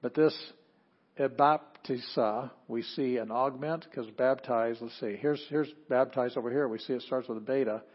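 Husky guy lecturing a class, goes over it step by step, kinda dull lo-fi audio. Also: mid-range voice, steady tone, fairly quick, few pauses. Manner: explains step by step, restarts phrases. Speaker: Greek teacher.

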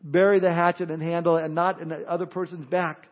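A man with a somewhat high voice preaches a sermon, mixing earnest warnings with humorous stories. The recording is dull and lo-fi, with muted highs. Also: level tone, quick pace. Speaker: pastor.

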